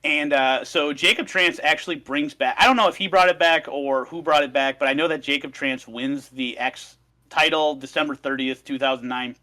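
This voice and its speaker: A man's voice: a little high, moderate pace, bright, forceful tone. A man on a casual podcast, recapping notes in an upbeat, slightly scattered way. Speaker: podcast co-host reading out history notes.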